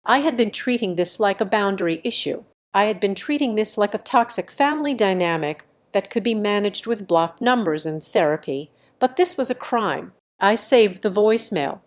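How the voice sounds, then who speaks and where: Steady woman narrating a revenge story. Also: medium pitch. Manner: measured, steady, clipped sentences. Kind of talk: scripted first-person story narration.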